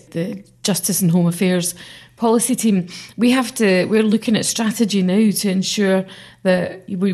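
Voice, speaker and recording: A woman's voice: medium pitch, darkish tone. A middle-aged woman, a member of parliament talking earnestly in an interview, with many fillers and restarts. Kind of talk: conversational interview.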